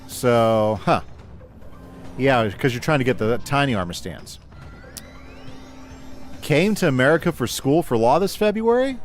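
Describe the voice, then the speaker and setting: Lively-voiced man chatting on a livestream. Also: medium pitch, measured pace, long pauses. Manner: relaxed, reads chat aloud and replies, talks through his moves. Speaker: gaming livestreamer. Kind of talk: casual chat with live chat while gaming.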